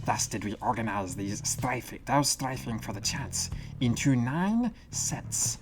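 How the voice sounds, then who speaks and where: A man voicing a small, stubborn male creature scribe in a high, squawking, duck-like voice, reading game text aloud. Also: very animated, measured pace, over music. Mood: earnest.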